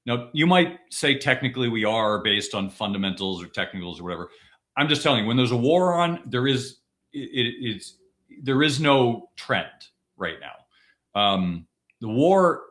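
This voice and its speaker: A man's voice: medium pitch, a bit bright. A man co-hosting a casual podcast discussion, talking emphatically and driving points home by repeating them, with frequent restarts. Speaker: podcast co-host.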